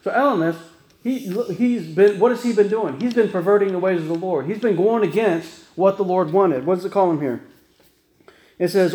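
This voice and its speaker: Folksy pastor in an echoey church. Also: male voice, high-pitched, normal speed, dark tone. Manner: folksy storytelling, frequent "right?" asides. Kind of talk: conversational sermon. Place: church sanctuary.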